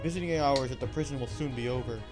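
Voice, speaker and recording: A man's voice: mid-range voice, fast. A man streaming a game, reading every character's lines aloud with a mild put-on English tone. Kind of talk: live game dub-reading. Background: game music.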